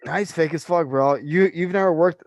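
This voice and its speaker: A young personal trainer from California tells a story in a casual podcast chat, his voice a little high and brisk, recorded clean in a studio with no room sound. He's an animated storyteller who swears freely and leans on lots of filler words.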